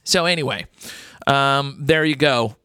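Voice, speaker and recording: A man's voice: medium pitch, unhurried, pushed and bright, smooth, no echo, studio quality. Blunt, rambling male radio host. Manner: rambling, blunt and crude, with many fillers. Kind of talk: casual radio talk.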